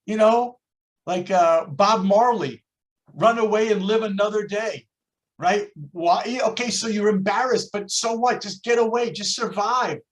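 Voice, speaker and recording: A man's voice: high-pitched, normal speed. An older American man teaching a Torah class over a video call, telling stories and acting out the people in them. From United States. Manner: storytelling, lively, acts out quoted voices. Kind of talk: online class lecture.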